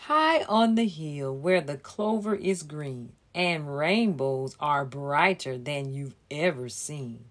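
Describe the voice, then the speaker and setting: A woman reads a children's story aloud at a very slow, deliberate pace, her voice sitting a little low. She also explains holiday symbols in a careful presenter's manner. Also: lively intonation.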